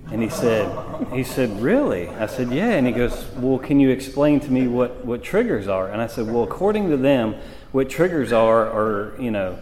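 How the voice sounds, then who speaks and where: A man's voice: mid-range voice, very animated, moderate pace, a little mellow, a little hiss or hum. A man sharing his recovery story at a meeting, talking in a casual, rambling way with many fillers. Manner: conversational storytelling with frequent fillers. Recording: long hall reverb.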